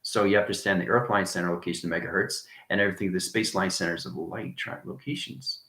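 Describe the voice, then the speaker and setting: A male livestream host speaks fast in a low, sharp-toned voice that echoes in a reverberant space. His rambling monologue keeps repeating jargon and checking in with viewers by asking "right?"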